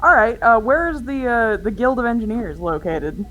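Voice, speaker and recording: A woman's voice: a little high, big pitch swings, moderate pace, fairly bright tone, dull audio, a little hiss or hum. A woman playing a tabletop game in casual chat, steering what the group does next. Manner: casual, leading the group's actions. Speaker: player.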